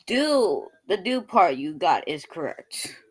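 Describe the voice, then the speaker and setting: A man's voice: sits high, sing-song, takes it slowly, rough recording. A fifteen-year-old boy, a student chatting eagerly in an online class. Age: teens. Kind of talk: casual classroom remarks.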